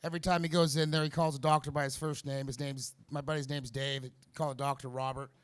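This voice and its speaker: At a small comedy venue inside a vape shop, a nervous amateur comic works through a rambling stand-up set full of fillers and restarts. His voice is smooth and medium-pitched, with a flat delivery.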